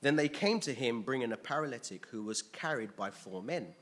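Male preacher, slightly husky, earnest sermon delivery with restarts. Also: mid-range voice, lively intonation, brisk, a bit bright. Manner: earnest, questioning the congregation, frequent restarts.

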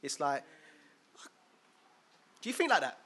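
Bright-voiced man preaching casually. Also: on the high side, sing-song, measured pace, slightly rough. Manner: conversational, asks listeners questions, acts out quoted voices. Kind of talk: informal sermon.

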